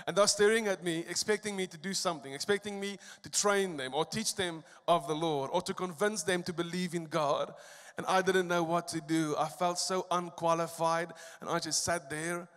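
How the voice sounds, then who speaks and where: A man's voice: sits high, fairly bright tone. A young adult man from South Africa, a pastor earnestly telling a story in a sermon, often repeating words as he goes. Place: church hall. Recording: long reverb of a church hall.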